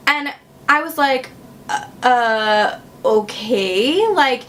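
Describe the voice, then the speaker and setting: A young woman vlogger from Wisconsin, with a high-pitched and fairly bright voice, tells a personal story in a chatty, sarcastic style full of "like" fillers. Slight background noise can be heard.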